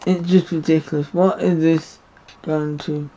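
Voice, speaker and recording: A man's voice: a little high, level tone, measured pace, dark tone, slight background noise. A man giving a rambling, indignant opinion monologue to camera. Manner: rambling, repeats himself, indignant. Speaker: vlogger. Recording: dull lo-fi recording.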